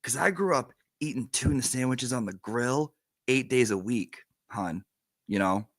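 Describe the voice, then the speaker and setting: A man's voice: mid-range voice, a little slow, no echo. A man hosting a live stream, chatting casually and emotionally with fillers.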